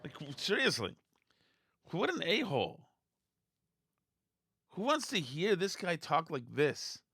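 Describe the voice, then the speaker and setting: A man's voice: on the high side, sing-song, takes it slowly, pushed and bright, breathy edge, dry recording, studio quality. A man hosting a political commentary podcast, ranting bluntly and scornfully with frequent restarts. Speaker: podcast host.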